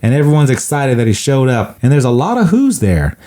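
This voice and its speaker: A man co-hosting a podcast, retelling a film in a relaxed storytelling way. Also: mid-range voice, brisk. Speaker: podcast co-host. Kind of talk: casual film recap chat.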